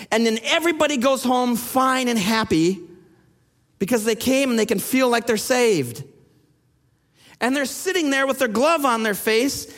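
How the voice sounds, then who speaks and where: Preaching a sermon in a church sanctuary, a pastor in his thirties has an unusually high voice for a man with a fairly bright tone. He shifts from easy storytelling into urgent, pressing challenges, and the hall's long reverb trails every phrase.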